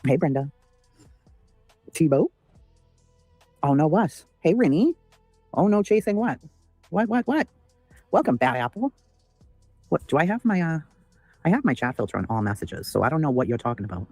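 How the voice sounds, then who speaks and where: A man's voice: fairly high pitch, sing-song, moderate pace, long pauses, a little mellow, no echo, soft background music. A man hosting a casual livestream, ranting with heavy swearing while greeting chat members by name. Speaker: livestream host.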